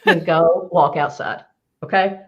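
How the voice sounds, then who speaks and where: A woman career coach giving advice on a live show, emphatic and animated, repeating her key phrases for effect. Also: lowish voice, measured pace, muffled recording.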